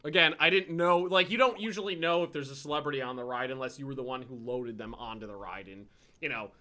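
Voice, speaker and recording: A man hosting a gaming video, telling rambling, profane anecdotes in a casual, animated way. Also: mid-range voice, quick pace. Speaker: gaming channel host. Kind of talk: casual storytelling over gameplay.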